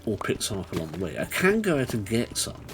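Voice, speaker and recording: A man chatting through a live game stream, bursting into excited taunting yells now and then. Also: lowish voice, quick pace, background noise. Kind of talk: live gaming stream commentary.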